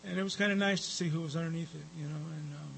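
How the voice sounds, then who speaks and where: Man speaker at a recovery meeting, high bright voice, rambling storytelling with fillers and cussing. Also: fairly even intonation, racing, vocal fry, slight background noise, low-quality recording. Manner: rambling, with frequent fillers and profanity. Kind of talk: personal storytelling talk.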